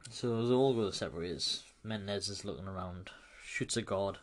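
A man's voice: fairly low pitch, moderate pace, slight background noise. A man giving a loose, chatty film recap, laughing and swearing as he goes. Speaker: film reviewer.

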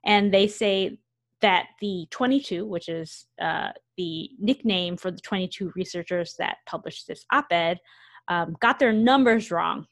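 A woman's voice: on the low side, measured pace. Woman on a chat podcast reading news and riffing, casual and chatty. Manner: conversational, reads quotes, self-correcting asides. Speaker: podcast co-host.

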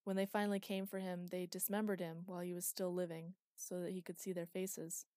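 A woman voicing a gentle, grieving male god who talks softly and sadly. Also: fairly low pitch, level tone, brisk, no echo, close to an everyday voice. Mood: sad, tender. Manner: soft, sad and tender.

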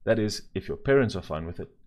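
A man voicing a polite, capable boy who explains things calmly. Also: low voice, quick pace.

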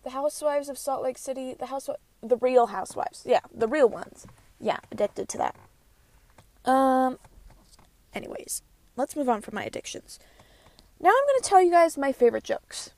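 A woman's voice: high-pitched, very animated, normal speed, long pauses, darkish tone. A woman in her twenties hosting a casual solo podcast, chatty and rambling with lots of fillers. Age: 20s. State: out of breath. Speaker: podcast host.

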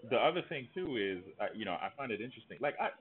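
A man's voice: medium pitch, sing-song, racing. A man co-hosting a podcast in easygoing casual chat. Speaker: podcast co-host. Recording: phone-like lo-fi audio.

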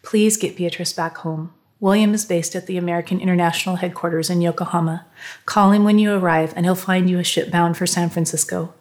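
A woman reading aloud, voicing a tired middle-aged American father whose voice grows weak and rasping. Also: on the low side, steady tone, a little fast, natural voice. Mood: faint.

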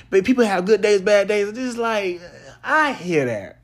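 A young adult man hosting a podcast, ranting casually and swinging from loud trash talk to low mutters. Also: very animated, normal speed. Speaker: podcast host.

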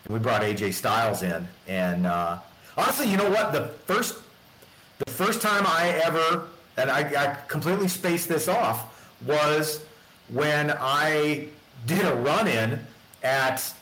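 A man's voice: on the high side, lively intonation, slow, pushed and bright. Man telling rambling stories in echoey room. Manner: rambling, laughs often, acts out dialogue. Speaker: podcast guest, storyteller. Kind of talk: casual anecdotal chat.

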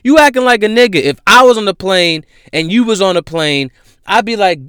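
A young man hosting casual celebrity news commentary, ranting loudly and in disbelief with street slang and profanity. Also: high-pitched, animated, brisk, clear, resonant tone, dry recording, clean studio sound. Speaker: host.

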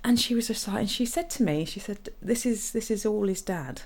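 A woman's voice: medium pitch, a little fast, a little mellow. A woman co-hosting a casual chat, telling stories with lots of fillers and restarts. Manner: chatty storyteller, frequent fillers and restarts.

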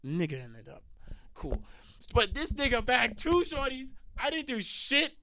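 A man with a slightly sick, raspy voice, casually telling a rambling, laughing, profane story on a studio podcast. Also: very high-pitched, huge pitch swings, a little slow, bright, forceful tone. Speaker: podcast host.

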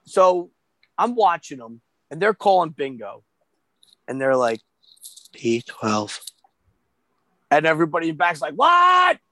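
Animated high-voiced man telling stories. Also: moderate pace. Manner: animated, profane, acts out quoted voices. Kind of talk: casual storytelling chat.

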